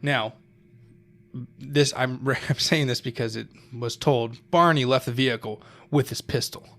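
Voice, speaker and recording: A man's voice: mid-range voice, fairly even intonation, unhurried, a bit bright. A young man co-hosting a podcast, telling a story in loose casual chat, swearing often, laughing and losing his thread.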